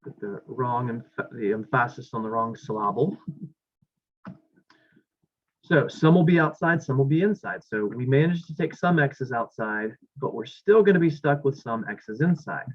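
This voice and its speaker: A man gives a math lecture in class, narrating his thoughts and correcting himself as he writes out problems on the board. He sounds expressive, mid-range and normally paced, though the classroom recording is dull and lo-fi.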